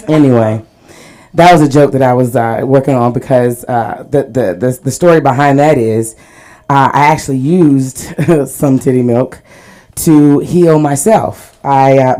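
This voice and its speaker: A woman's voice: very deep voice, normal speed, warm tone. Woman telling stories at a comedy mic. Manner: storytelling, laughs at her own jokes, frequent fillers. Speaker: stand-up comedian. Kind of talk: stand-up set at an open mic. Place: small comedy club stage.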